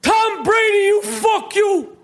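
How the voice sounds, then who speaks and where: A man doing an impression of a gruff older team owner who yells profane insults in a loud, explosive rant. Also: extremely high pitch, slow pace, pitched above the performer's own voice, exaggerated voice. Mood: furious yelling.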